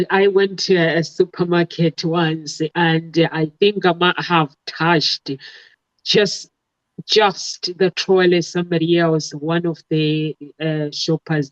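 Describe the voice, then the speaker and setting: A man's voice: fairly high pitch, no room sound. A man in a casual online talk show, rambling and restarting as he tells an anecdote. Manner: rambling, many restarts and fillers. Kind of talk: casual chat. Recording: dull, dry lo-fi audio.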